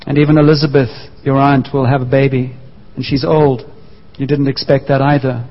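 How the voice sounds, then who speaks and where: A man's voice: mid-range voice, little pitch movement. Preaching man in a reverberant hall. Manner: emphatic, repeats key phrases, slows for emphasis. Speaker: pastor. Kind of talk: sermon. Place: church hall. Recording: muffled sound with long church reverb.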